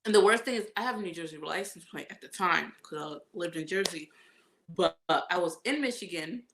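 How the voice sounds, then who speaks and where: Bright-voiced woman telling a lively story. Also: fairly low pitch, a little fast, slight background noise. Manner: animated storytelling, acts out quotes, laughs often. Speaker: guest vlogger. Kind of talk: casual chat.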